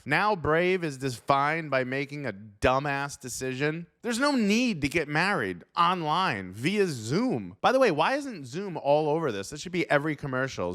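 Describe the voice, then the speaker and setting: A man's voice: on the high side, fairly bright tone. A young adult male comedian riffing sarcastically on news stories as host of his show.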